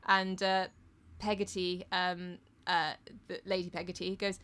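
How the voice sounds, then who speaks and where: A woman's voice: fairly low pitch, flat delivery, measured pace, fairly bright tone, smooth. A woman casually retelling a novel's story in a chat, swearing and acting out lines along the way. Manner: chatty, swears, acts out quotes in funny voices. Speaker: podcast co-host recapping a novel.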